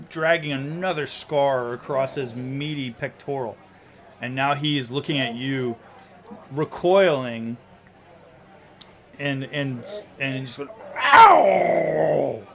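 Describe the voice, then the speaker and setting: A man's voice: medium pitch, fairly even intonation, slow pace, a bit bright. A man running a tabletop game as game master, narrating the action in vivid, descriptive detail with frequent restarts.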